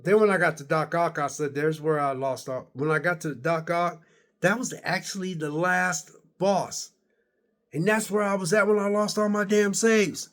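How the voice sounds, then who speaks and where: A man with a somewhat higher voice recaps a game he finally finished. He rambles casually, full of "uh" and "you know," backing up and restarting his sentences. His excitement comes through as he pushes to get the whole story out. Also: moderate pace. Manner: excited and emphatic about finishing. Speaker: gaming vlogger.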